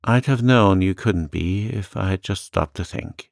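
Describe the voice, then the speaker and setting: A man's voice: low voice, measured pace, vocal fry, dry recording, clean studio sound. A man voicing a lonely, sweet little old lady who talks in a chirpy, eager, fluttery way. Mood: wistful.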